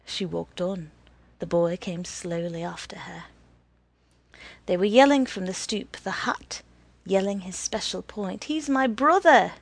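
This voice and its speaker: A woman narrating a story in a measured, deliberate reading with a husky voice. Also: on the low side, steady tone.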